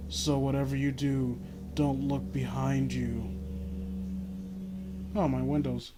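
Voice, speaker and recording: A man's voice: medium pitch, little pitch movement, takes it slowly, long pauses. A man reading an amateur horror story in the first person, breaking off for wry offhand asides. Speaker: reader of a horror fan story. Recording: noisy home recording.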